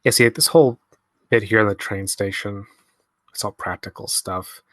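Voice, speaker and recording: Young man, low-ish voice, casual film commentary, swears a lot, dry close sound. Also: moderate pace, a bit bright, no echo. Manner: laid-back, musing, frequent swearing.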